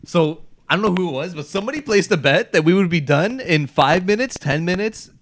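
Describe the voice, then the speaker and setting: A man telling rambling stories among friends on a casual podcast, laughing along as he goes. His voice sits a little high, with faint noise behind it. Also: animated, brisk. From Canada. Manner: laughs often, rambling storyteller. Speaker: podcast co-host.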